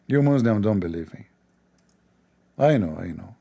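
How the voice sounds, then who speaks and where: A man's voice: fairly low pitch, expressive, moderate pace, gravelly, mellow, slightly rough. A man hosting a livestream, talking in a sarcastic, mocking way. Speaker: livestream host.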